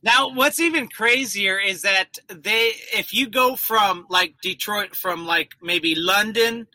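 A man's voice: high-pitched, slow pace, bright, forceful tone, no echo, low-quality recording. A man co-hosting a podcast, chatting casually and rambling through jokes. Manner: joking, rambling. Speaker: podcast co-host.

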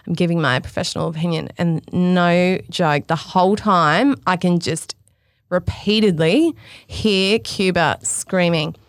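A woman's voice: on the low side, unhurried, no room sound, studio quality. A woman, a fashion stylist chatting casually and acting out the people in her stories. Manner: animated storyteller acting out quotes. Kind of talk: casual podcast chat.

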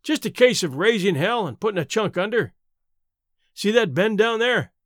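A man's voice: high voice, animated, moderate pace, a bit bright, dry recording, clean studio sound. A man voicing a cocky, nonchalant young prospector who speaks in a drawl.

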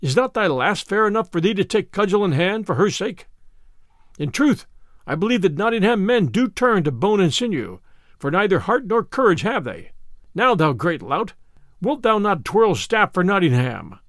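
A man doing a loud bragging cudgel champion. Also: sits high, big pitch swings, moderate pace, no room sound, clean studio sound. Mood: mocking. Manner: loud, mocking, old-fashioned speech.

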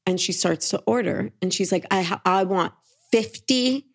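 A woman's voice: medium pitch, moderate pace, creaky. A woman co-hosting a podcast, telling a long story in casual chat and quoting everyone with "he's like" and "she's like". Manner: animated, quotes people with "he's like". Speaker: podcast co-host.

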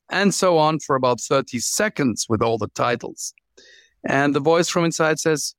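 A man in an interview, telling long stories as a guest author. His voice sits a little high and sounds close and dry. He talks with animated energy and often restarts or repeats words mid-sentence. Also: moderate pace, clean tone, dry recording. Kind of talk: interview storytelling.

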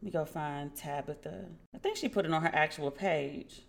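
A woman hosts a casual pop-culture podcast, riffing on the news with salty, quick asides. Her voice is bright and forward. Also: low-pitched, wildly swooping pitch, gravelly. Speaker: podcast host.

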